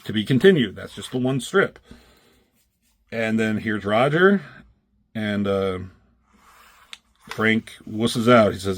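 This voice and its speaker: A man's voice: on the low side, expressive, slow pace, pauses often. A man reviewing comic strips in a casual, rambling chat, swearing freely and acting out characters' lines in raised voices.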